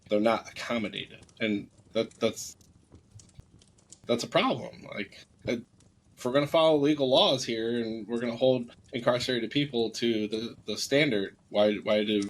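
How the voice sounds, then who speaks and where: A man's voice: medium pitch, rough recording. Rambling man on a casual podcast. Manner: meandering, frequent restarts and self-corrections. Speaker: podcast co-host.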